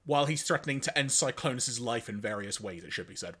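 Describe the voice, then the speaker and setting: A man's voice: medium pitch, animated, fast, a bit bright, husky. A man co-hosting a podcast, recapping episodes in casual chat, acting out quoted lines with a laugh. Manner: reads quotes aloud in put-on voices, laughs often. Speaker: podcast co-host.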